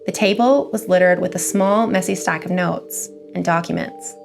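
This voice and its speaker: Low, gravelly woman reading a horror story. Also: music in the background. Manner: measured, even storytelling.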